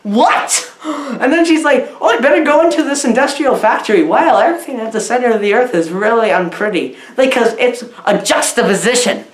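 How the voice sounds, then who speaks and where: A woman giving a comedic movie review, chatty and mock-naive, full of "like"s, in deadpan comedy style. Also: on the high side, a little fast, hardly any pauses. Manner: mock-naive, chatty, many "like"s, lively swooping delivery. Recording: echoey room.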